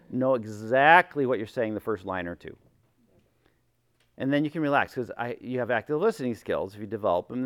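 In a dry recording, a middle-aged man with a medium-pitched voice leads an informal workshop talk for a group. He's a former chaplain who plays out little quotes and often checks in by saying "right?".

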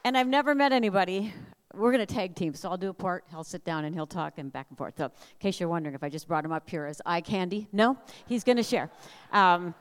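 An older woman from Minnesota giving a humorous storytelling talk at a family camp, lively and animated. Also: on the low side, fast talker, clean tone. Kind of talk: storytelling sermon. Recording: long hall reverb.

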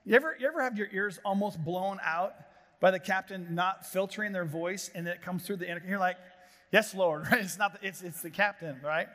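A middle-aged man preaching a sermon to a gathering of pastors, telling animated stories with jokes. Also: sits high, brisk. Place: large hall before an audience of pastors. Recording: long hall reverb.

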